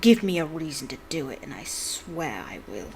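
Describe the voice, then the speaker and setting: A woman's voice: low-pitched, very animated, moderate pace, voice pushed down. A woman reading aloud and voicing a cold, sneering male wizard professor who speaks in a silky, menacing, hissing way.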